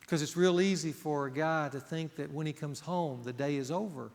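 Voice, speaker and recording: Long hall reverb surrounds this middle-aged pastor as he delivers his sermon earnestly and emphatically, posing rhetorical questions to his listeners. He speaks at a normal speed in a slightly high voice with vocal fry.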